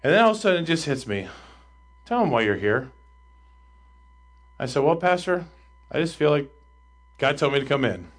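A man, a pastor, preaching a sermon and telling a personal story, swinging between loud excitement and hushed asides. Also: fairly high pitch, fast.

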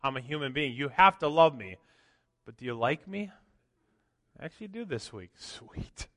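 Pastor preaching in a ringing church hall. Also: male voice, fairly high pitch, animated, normal speed. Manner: swings from loud emphatic preaching to quiet asides. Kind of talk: sermon. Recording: long church hall reverb.

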